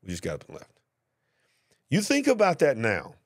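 A middle-aged man with a Southern US accent, hosting a commentary show and telling a story in a lively voice, acting out both sides. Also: on the high side, moderate pace. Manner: animated, acts out both sides of the story, drawling. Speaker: host.

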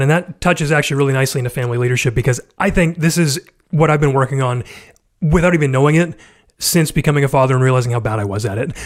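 A man hosting a podcast interview, asking questions in a thoughtful, eager way. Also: mid-range voice. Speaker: podcast host.

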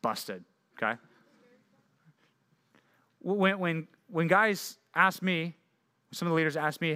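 A young man preaching a youth sermon, energetic and jokey, often checking in with "right?". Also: on the high side, normal speed, pauses often. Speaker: youth pastor.

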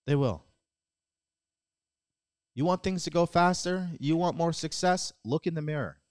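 A man's voice: a little high, unhurried. Man, podcast host, motivational monologue, blunt, preachy, casual swearing, rhetorical questions.

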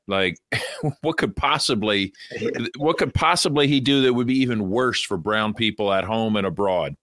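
A man's voice: lowish voice, moderate pace, fairly bright tone, no room sound, clean studio sound. A man in casual podcast chat, speaking sarcastically.

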